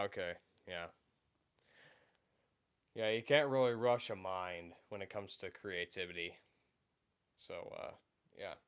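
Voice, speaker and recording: Young male streamer, deep, clean voice, loose rambling chat. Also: clean tone. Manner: rambling, many fillers and restarts. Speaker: livestream host. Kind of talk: casual livestream chat.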